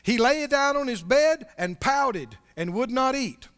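A man with a very high voice preaches a sermon, asking his listeners questions as he reads aloud. His voice rings with the long reverb of a church hall. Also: animated, measured pace, fairly bright tone, clean tone. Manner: conversational preaching, asks the congregation questions. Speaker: pastor.

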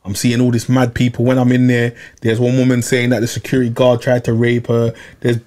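A young man who's a regular on a podcast tells a long personal story in casual chat, animated, repetitive and full of slang. His mid-range voice moves briskly.

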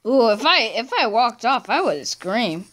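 A woman's voice: on the high side, big pitch swings, measured pace, fairly bright tone. A woman casually commenting on her own gameplay, chatty and talking to herself, breaking into screams when she fails. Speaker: gameplay channel host.

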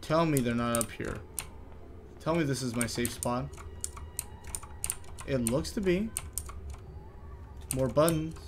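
A man doing horror game commentary, jittery, chattering to himself and quick to panic. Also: medium pitch, a little hiss or hum. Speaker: gaming YouTuber.

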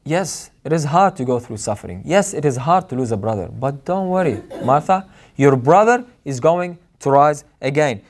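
Male preacher, slightly high voice, earnest and emphatic, leans on repetition. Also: expressive, normal speed. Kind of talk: sermon.

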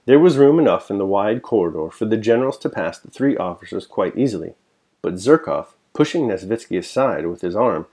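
Low-voiced male reader, measured and even, audiobook narration plus commentary. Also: husky. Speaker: reader and host. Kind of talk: reading a novel aloud with reflection.

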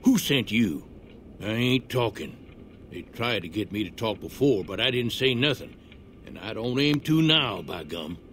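A man's voice: on the low side, lively intonation, unhurried, a bit bright, slight background noise. An actor playing a paranoid, nervous old man who talks in a folksy, rambling drawl, in a video game. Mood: defiant. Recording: game audio under music.

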